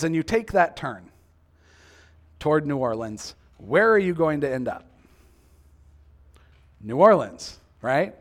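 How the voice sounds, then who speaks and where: A man's voice: fairly high pitch, sing-song, slow, long pauses. A male preacher giving a sermon, acting out quoted reactions and asking the listeners many questions.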